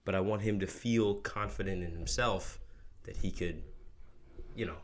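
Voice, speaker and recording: A man talking as a podcast guest in a casual chat, earnest and measured, with some casual swearing. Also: sits low, slight background noise.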